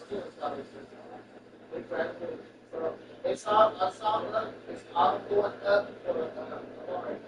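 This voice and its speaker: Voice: medium pitch, unhurried. A speaker in casual chat who rambles and repeats phrases. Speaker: person chatting. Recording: roomy, far from mic, loud traffic noise.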